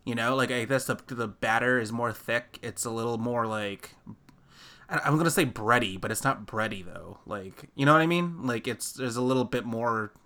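A man co-hosting a casual podcast, rambling through his thoughts with plenty of fillers and restarts. His voice has a bright, forward edge. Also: mid-range voice, normal speed. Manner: rambling, lots of fillers and restarts, laughs often. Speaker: podcast co-host. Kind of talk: casual chat.

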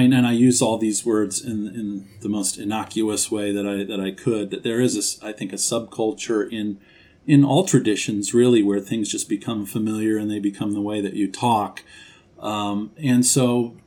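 A man with a low, mellow voice answers as an interview guest. He speaks in a thoughtful, measured way. He often pauses and restarts as he works out his point. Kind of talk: conversational interview.

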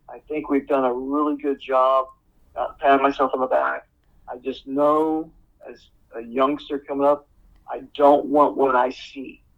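A man's voice: mid-range voice, dull audio. A man speaking as a guest in a casual conversation, supportive and reflective.

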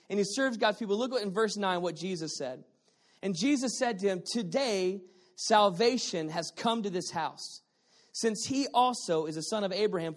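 Male pastor with a high voice, preaching. Swings between soft asides and loud emphatic points. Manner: repeats key phrases for emphasis. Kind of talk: sermon.

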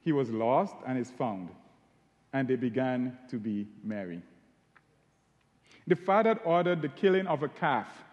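A man preaching a sermon, retelling a Bible story and stressing key words by slowing down on them. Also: mid-range voice, expressive, a little mellow, highs cut off. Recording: long hall reverb.

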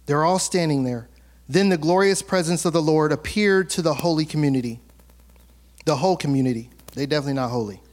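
Here the pastor speaks fairly quickly at a fairly high pitch, delivering a sermon where scripture readings give way to funny, colloquial asides. He animatedly acts out the story's characters.

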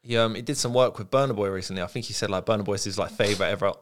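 A man co-hosting a podcast, quietly chatting and mostly agreeing. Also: fairly low pitch, racing, slight background noise. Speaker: podcast co-host. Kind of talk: casual podcast chat.

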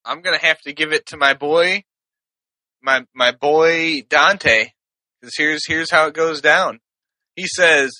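A man's voice: on the high side, slow, sharp tone, no echo. A man on a podcast panel, talking brash, bro-ish trash talk. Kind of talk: casual podcast banter.

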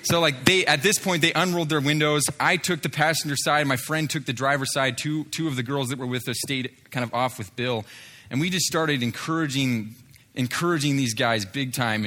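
Guy telling a street ministry story, bright forceful voice, lots of likes and uhs. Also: mid-range voice, a little fast. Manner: storytelling with frequent fillers and restarts, acts out others' lines. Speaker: street evangelist telling a testimony. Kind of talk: spoken testimony story.

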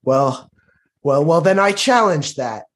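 A man's voice: a little high, expressive, slow pace. A man playing a defiant, lovestruck young knight in a tabletop role-play, speaking bluntly.

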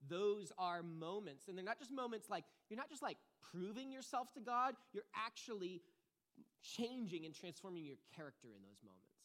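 A pastor delivering a relaxed, conversational sermon at a middle pitch. The talk is chatty and self-deprecating, with filler words, quick restarts and frequent "right?" check-ins with the listeners. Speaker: pastor teaching a discipleship series.

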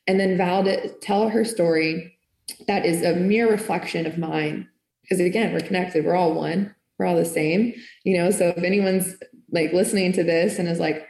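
A woman's voice: lowish voice, moderate pace, creaky, darkish tone. Earnest woman sharing her faith testimony. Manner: earnest and emotional, lots of "like". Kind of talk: personal testimony, casual. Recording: echoey room.

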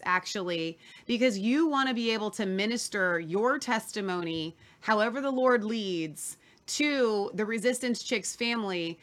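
Bright-voiced enthusiastic woman host. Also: medium pitch. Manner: effusive, enthusiastic, with fillers. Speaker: show host. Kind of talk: faith talk show interview.

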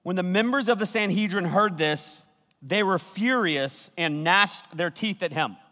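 A man's voice: sits high, a little slow, pushed and bright. A youth pastor giving a joking, playful sermon in a church hall, often laughing and acting out his listeners' reactions. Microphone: filmed by a camera crew.

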